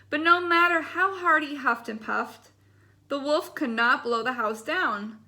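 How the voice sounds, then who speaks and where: A woman reading a bedtime story aloud, gentle and expressive. Her voice sits high and sounds bright and clear. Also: unhurried.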